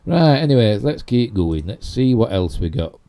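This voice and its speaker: A man's voice: medium pitch, big pitch swings, normal speed, mellow. A middle-aged man with a Yorkshire accent, hosting a casual live stream and rambling chattily with self-mocking asides. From Yorkshire, England. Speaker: YouTube host.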